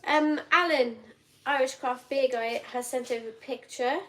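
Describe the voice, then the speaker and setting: A woman's voice: sits high, steady tone, normal speed, fairly bright tone, low-quality recording. A woman co-hosting a casual live stream from England, easygoing, reading out viewers' messages.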